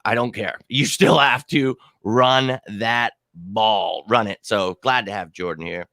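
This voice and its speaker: A man's voice: on the low side, slow pace, pushed and bright, dry recording, clean studio sound. A man in casual sports podcast chat, talking emphatically and heatedly like a passionate fan. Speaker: podcast co-host.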